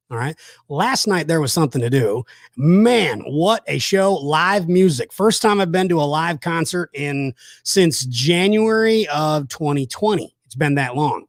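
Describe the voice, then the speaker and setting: This host, a man from South Georgia in the USA, tells rambling, enthusiastic stories full of fillers during a casual chat. His voice is a little high, expressive and unhurried, captured in a clean studio with no echo.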